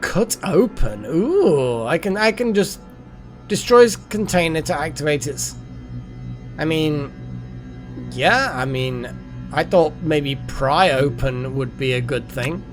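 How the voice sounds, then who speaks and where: A man rambling through gameplay commentary, his pitch swinging widely as he gets excited and then drops into muttering. Faint game music plays quietly behind him. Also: takes it slowly. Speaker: gaming channel host. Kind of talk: let's play commentary.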